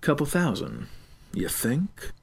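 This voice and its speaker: A man voicing a crooked older female school guard who talks slowly and slyly. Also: medium pitch, huge pitch swings, gravelly, husky, exaggerated voice. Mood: gloating. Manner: slow, sly, extorting.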